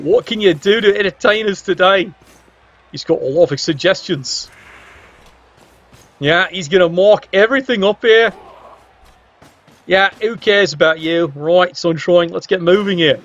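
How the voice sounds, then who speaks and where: A man's voice: sits high, lo-fi sound. A man doing casual, wry play-by-play commentary on a game stream, teasing the players with exclamations.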